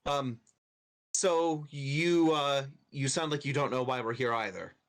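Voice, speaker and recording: A man's voice: medium pitch, unhurried, natural voice. A man voicing a wary, polite human rogue who speaks in a hesitant, worried way. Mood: uneasy.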